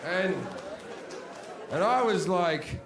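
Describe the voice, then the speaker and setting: A man telling a crude, deadpan story as a stand-up comedian, breaking into sudden shouted outbursts. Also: sits high, very slow, a crowd in the background. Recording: live show with audience noise behind.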